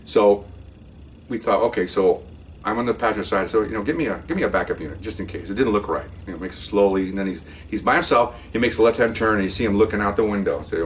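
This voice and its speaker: A man's voice: lowish voice, fast, slight background noise. An older man, a retired police officer telling a story casually and acting out the voices of the people in it. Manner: animated, acts out voices in the story.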